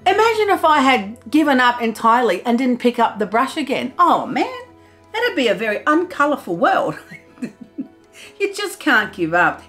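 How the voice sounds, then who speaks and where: Excitable woman giving an animated pep talk. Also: a little high. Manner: excitable, loud and enthusiastic, with frequent laughs. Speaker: artist vlogger. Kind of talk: motivational pep talk to camera.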